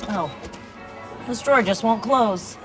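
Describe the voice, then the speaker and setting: A woman's voice: fairly high pitch, takes it slowly. A woman playing a cheerful shopkeeper in a TV commercial. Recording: ad audio under loud music.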